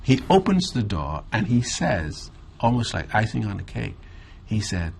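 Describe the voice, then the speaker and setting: Husky, low-voiced Caribbean man. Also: sing-song, a little slow, darkish tone. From Bahamas. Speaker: interview guest. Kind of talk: reflective storytelling.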